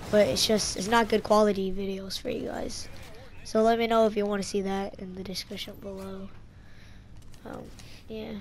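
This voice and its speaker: A woman giving casual gameplay commentary, excitable and trash-talking, breaking into sudden yelps. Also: mid-range voice, slight background noise. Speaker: gaming channel host.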